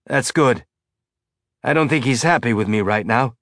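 A man voicing a weary, sick male captain in an audiobook, mumbling and halting as if drunk. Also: mid-range voice, fairly bright tone, no room sound, studio quality, natural voice.

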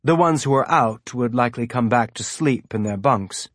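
This male audiobook narrator has a husky, mid-range voice and reads a script at a moderate pace. The sound is clean studio audio without any echo.

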